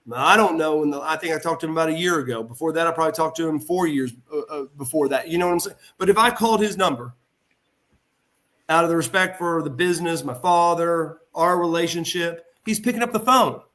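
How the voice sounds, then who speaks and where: A man's voice: fairly high pitch, fast talker. A middle-aged man, a former pro wrestler, telling a story as a guest over a remote video call and acting out the voices of the people he quotes. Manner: animated, acts out quoted voices. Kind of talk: casual anecdote storytelling.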